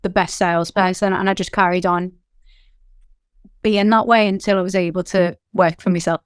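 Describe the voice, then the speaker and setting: A founder of a business, this woman from Liverpool, England, talks in a Liverpool accent as a guest in a candid interview. Her fairly low voice is smooth and resonant, and she spins quick, animated stories with plenty of fillers like "like" and "you know." The recording is close and dry, with no room sound.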